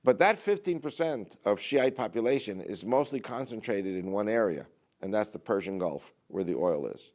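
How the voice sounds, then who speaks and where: A man with a fairly low voice making a political speech to a church audience. He repeats phrases for emphasis and asks rhetorical questions in a steady, insistent way. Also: normal speed. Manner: emphatic, repetitive rhetorical delivery. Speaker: public speaker.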